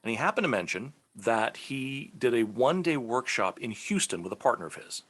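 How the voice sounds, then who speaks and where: A man from Texas, a guest voice actor, telling lively stories in a casual interview and slipping into the voices of people he quotes. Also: mid-range voice, a little fast, breathy edge. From Texas, USA.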